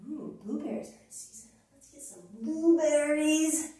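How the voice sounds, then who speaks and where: A woman's voice: high-pitched, a little slow, dark tone. A woman teaching a children's yoga class, leading it with playful sing-song chants. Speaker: kids yoga instructor. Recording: echoey room from far off.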